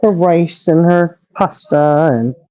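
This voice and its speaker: Rambling middle-aged woman, mellow and dry. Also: on the low side, takes it slowly, no echo, highs cut off. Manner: rambling, chatty, trailing off. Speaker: livestream co-host. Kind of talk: casual chat.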